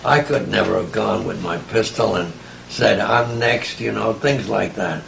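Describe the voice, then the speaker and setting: A man's voice: lowish voice, measured pace, gravelly, a bit bright, slight background noise, low-quality recording. A man in his eighties, answering interview questions with reflective stories and chuckling asides. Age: 80s. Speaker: interviewee, writer. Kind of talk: conversational interview, storytelling.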